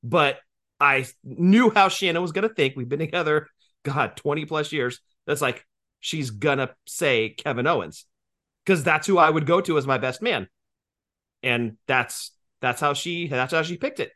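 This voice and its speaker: A man's voice: a little high, animated, normal speed, sharp tone. A man in his forties co-hosting a podcast, joking and profane in casual banter, explaining things at length. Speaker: podcast co-host.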